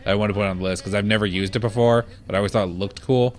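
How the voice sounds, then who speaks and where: A man's voice: lowish voice, steady tone, rapid-fire. A man co-hosting a let's play, chatting casually with dry, teasing corrections. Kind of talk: casual gameplay commentary.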